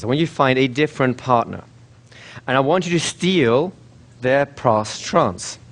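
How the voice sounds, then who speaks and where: A man teaching a hypnosis workshop in a seminar room, casual and brisk, often checking with the group. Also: mid-range voice. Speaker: hypnosis trainer.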